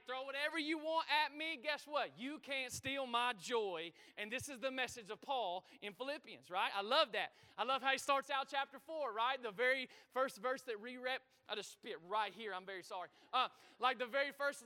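A man preaching a sermon to his congregation, energetic and full of call-and-response, in a church auditorium. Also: very high-pitched, moderate pace, hardly any pauses. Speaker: pastor. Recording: reverberant hall.

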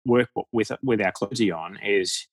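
Laughing Australian deacon, low husky voice. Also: male voice, moderate pace, no room sound. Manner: laughs often, frank and jokey. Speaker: deacon, guest. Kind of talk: casual podcast conversation.

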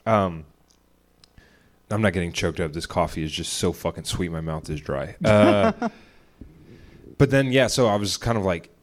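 A young man with a low-sitting voice co-hosts a podcast, talking a little slowly and pausing often. Casual and rambling, he swears frequently while retelling a spat at home, quoting each side's voices.

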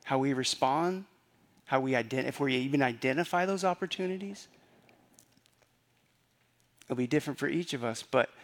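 A man preaching a sermon in a conversational way, often repeating phrases and asking rhetorical questions. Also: mid-range voice. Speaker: pastor.

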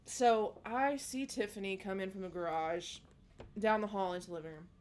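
A woman co-host tells a family story in a casual, animated way. She acts out every line of dialogue as she goes. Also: mid-range voice, normal speed, a little hiss or hum. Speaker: podcast co-host.

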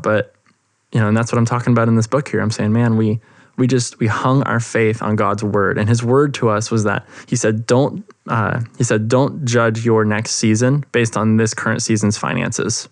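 A man's voice: lowish voice, fairly even intonation, normal speed, dry recording, studio quality. A young man hosting a faith podcast, telling a personal testimony in an earnest, enthusiastic way, with many fillers and restarts. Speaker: podcast host.

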